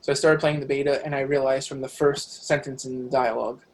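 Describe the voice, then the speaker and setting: A middle-aged man telling stories as a guest on a podcast, animated and talkative, swearing casually. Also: medium pitch, quick pace, slight background noise. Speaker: podcast guest, author and professor. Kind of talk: casual interview storytelling.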